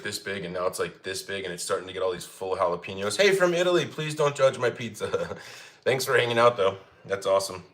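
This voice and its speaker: Cooking on a livestream, a man from Colorado, United States, keeps up an easygoing chat, reading out comments and replying to them. His fairly low voice sounds pushed and bright.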